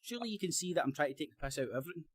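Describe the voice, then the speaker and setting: A man's voice: on the high side, lively intonation, very fast, dry recording. Rambling Scottish man in a debate. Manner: rambling, self-correcting, swears, laughs often. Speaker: panelist. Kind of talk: casual live-stream debate.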